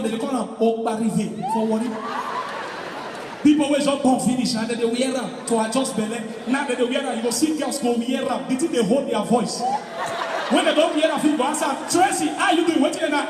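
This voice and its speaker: Nigerian comic shouting jokes on stage, really high voice, crowd noise all around. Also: male voice. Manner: loud, animated storytelling in Pidgin, shouting punchlines. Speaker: stand-up comedian. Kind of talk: live stand-up comedy. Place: large hall with live audience. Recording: echoey hall recording from far off, crowd noise.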